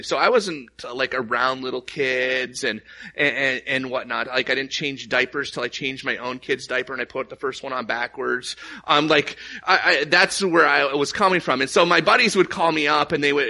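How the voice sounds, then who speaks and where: A man's voice: medium pitch, vocal fry, pushed and bright. A man preaching a sermon as pastor, casual and conversational, telling stories with many restarts and fillers.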